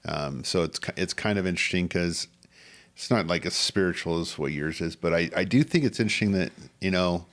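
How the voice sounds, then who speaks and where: A man from Utah co-hosting a podcast, chatting casually about work. His voice sits very low, and his talk is relaxed and conversational. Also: fairly quick. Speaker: podcast co-host. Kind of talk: casual chat.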